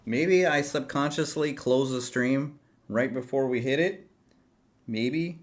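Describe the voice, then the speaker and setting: A man's voice: medium pitch, slow pace. A middle-aged man chatting casually on a livestream, rambling and jokey as he talks straight to his viewers. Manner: self-deprecating, jokey. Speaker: livestreaming futures trader.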